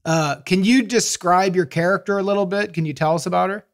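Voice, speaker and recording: A man's voice: high-pitched, steady tone, brisk. A man hosting a comedy advice podcast from Chicago, chatting loosely and laughing often with a caller. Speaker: podcast co-host. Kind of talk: casual comedic chat.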